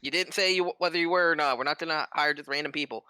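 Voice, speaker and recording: A man's voice: a little high, fast talker, pushed and bright, clean tone, no echo, voice pushed up. A man voicing a flustered, defensive male catfolk town lord who stammers.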